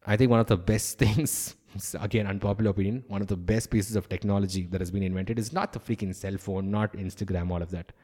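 A man's voice: fairly low pitch, fairly even intonation, quick pace, mellow. A man, a stand-up comedian, talking in a candid, opinionated podcast monologue and swearing freely.

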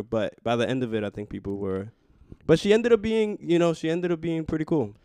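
A man's voice: medium pitch, brisk, hardly any pauses, dark tone, smooth, no echo, clean studio sound. Man co-hosting a casual podcast. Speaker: podcast co-host.

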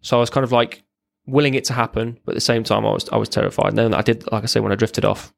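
A man's voice: on the low side, fairly even intonation, racing, creaky, dry recording. A man, a military veteran, giving a raw, blunt personal account as a podcast guest, swearing freely and often restarting his sentences.

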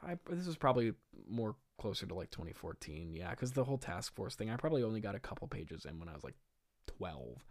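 A man's voice: on the low side, very animated, quick pace, darkish tone. A man in his twenties reading his own old play aloud, with exasperated, self-mocking commentary and frequent laughing.

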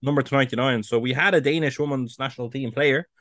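A man co-hosting a casual podcast, jumping in with quick, excitable remarks. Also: mid-range voice, no echo, clean studio sound. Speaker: podcast co-host. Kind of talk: casual chat.

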